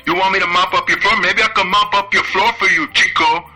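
A man's voice: high-pitched, steady tone, fairly quick, bright, forceful tone, exaggerated voice. A man playing an arrogant wrestler with a put-on Latin accent, taunting and boastful in an archival TV promo with music behind.

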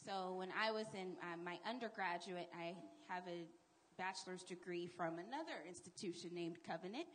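Woman, middle-aged, panel guest, animated storyteller, emphatic asides. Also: fairly low pitch, moderate pace. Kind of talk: speaking on a live panel.

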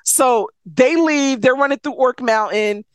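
A woman casually retelling a novel's plot, animated, swearing freely and slipping into quick voices for the characters. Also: high voice, dry recording, studio quality. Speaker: book recapper.

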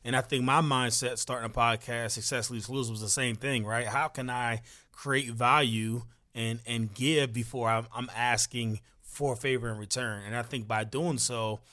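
A man hosting an interview podcast in a casual, encouraging way, with quick affirmations. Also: mid-range voice, steady tone, pushed and bright. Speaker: podcast host. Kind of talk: interview host, casual chat.

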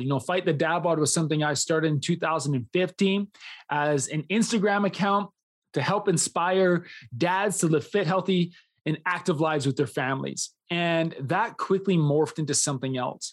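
A man in his thirties hosting a solo podcast, talking in an earnest, enthusiastic way, often smiling as he speaks. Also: fairly high pitch. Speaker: podcast host.

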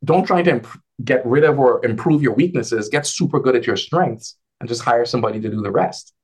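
A man talking casually as a guest on a video call, an advisor who tells animated stories and acts out the dialogue in a lifted voice. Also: mid-range voice, brisk, breathy edge. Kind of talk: casual conversational storytelling.

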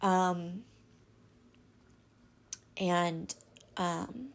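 A woman's voice: on the low side, vocal fry. Woman telling a hard personal story. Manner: halting, with many fillers and restarts; candid and emotional. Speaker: interview guest.

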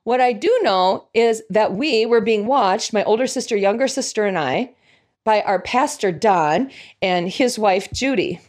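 Sharing a personal story as a devotional speaker, a middle-aged woman sounds chatty and reflective, occasionally losing track and laughing at herself. She has a medium-pitched, slightly mellow voice with lively intonation and a moderate pace.

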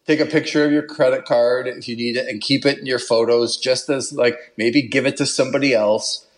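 Guest voice: a man, mid-pitched, animated storyteller, chatty and casual. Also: a little fast. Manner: animated, laughs while telling, puts on an Italian accent for quotes. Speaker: podcast guest.

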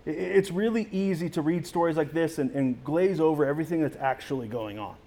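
A man's voice: fairly high pitch, a little fast, mellow. A man preaching a sermon as a pastor in a conversational way, with frequent restarts.

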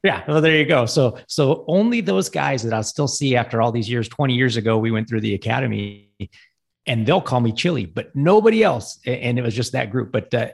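A middle-aged firefighter on a podcast, chatting in a laid-back, halting way with lots of fillers. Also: male voice, medium pitch, animated, gravelly, breathy edge. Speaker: podcast guest co-host, firefighter. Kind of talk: casual podcast chat.

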